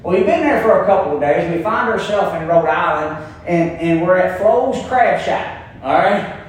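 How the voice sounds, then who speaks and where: A man's voice: high voice, expressive, moderate pace. A man with a Kentucky twang preaching a sermon as pastor, folksy and emphatic, telling stories to make his points. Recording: echoey room, voice picked up from a distance.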